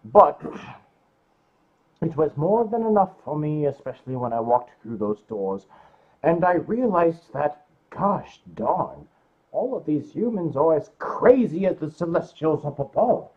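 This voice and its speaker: A man's voice: on the high side, sing-song, unhurried. A man voicing an ancient male celestial dragon, a theatrical and wry storyteller on a live stream, heard over a call line. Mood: storytelling. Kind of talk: live stream banter in character. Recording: tinny phone-like call line.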